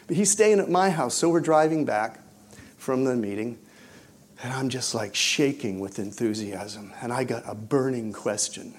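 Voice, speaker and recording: A man preaching and telling his own story, swinging between hushed moments and loud, excited bursts. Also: mid-range voice, moderate pace, husky. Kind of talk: testimony storytelling in a sermon.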